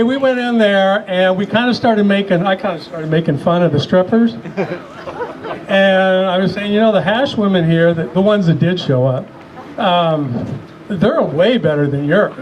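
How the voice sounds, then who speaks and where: A man telling a bawdy, laughing anecdote to a crowd at a memorial. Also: sits high. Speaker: mourner telling a story at a memorial. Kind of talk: casual storytelling to a crowd. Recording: noisy crowd around the mic.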